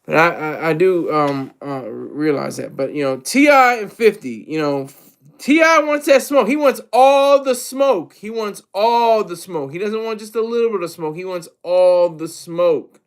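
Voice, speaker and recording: A man's voice: sits high, animated, unhurried. A man giving casual, rambling solo commentary on hip hop, self-deprecating and full of restarts.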